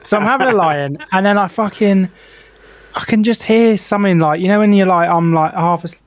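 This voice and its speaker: A young man tells a long, sweary story on a podcast, packing it with "like" and "right?". His voice sits a little high for a man, and the recording is dry and close. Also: brisk, dry recording. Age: young adult. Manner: swears freely, animated anecdote with lots of "like". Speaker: podcast co-host. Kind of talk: casual storytelling chat.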